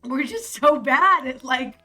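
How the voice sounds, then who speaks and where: A young American woman chats on a live stream, rambling and swearing freely with plenty of fillers. Her voice is bright and a little high, with soft music playing behind her. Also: lively intonation, measured pace. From United States. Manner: rambling, profane, filler-heavy. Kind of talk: casual live-stream chat. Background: faint music.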